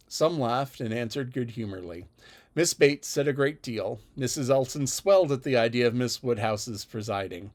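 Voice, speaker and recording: An audiobook reader narrates a classic novel aloud in a measured, even delivery. His voice is mid-range.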